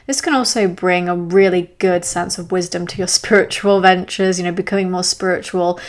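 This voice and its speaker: Woman podcast host, young adult, lower-middle pitch, enthusiastic and chatty with jokey asides. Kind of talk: solo podcast monologue.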